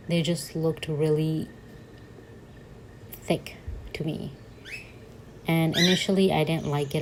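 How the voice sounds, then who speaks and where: Chatty low-voiced woman, gravelly edge. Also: slow pace, a little mellow, slight background noise, low-quality recording. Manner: chatty and giggly, self-mocking asides. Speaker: bullet journal vlogger. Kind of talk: casual voice-over chat while journaling.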